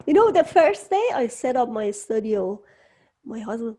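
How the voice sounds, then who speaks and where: A woman hosting an interview from her home studio, speaking English as a second language, slow and halting, with frequent restarts. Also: on the high side, mellow. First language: not English. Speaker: host. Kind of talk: casual interview chat.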